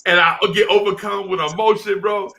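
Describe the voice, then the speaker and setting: A middle-aged man tells a long story in casual talk. His voice is bright and sits a little high. He jumps between quoted voices and keeps dropping in slang. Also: fairly even intonation, brisk, creaky. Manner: acts out teachers and kids in quoted voices, heavy slang. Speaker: podcast co-host telling a childhood story.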